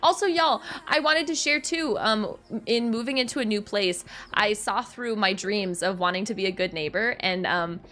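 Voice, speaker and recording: A woman's voice: medium pitch, moderate pace, fairly bright tone, faint music behind. A young adult woman streaming a cozy game, chatting casually and telling a story with giggles and self-mocking asides. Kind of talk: casual chat while gaming on stream.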